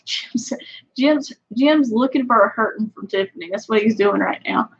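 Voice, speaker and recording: A woman with a Southern US country accent hosts a fishing channel livestream, chatting casually with viewers in a rambling way packed with fillers. Her voice is on the high side and husky, at a moderate pace, and the audio is dull.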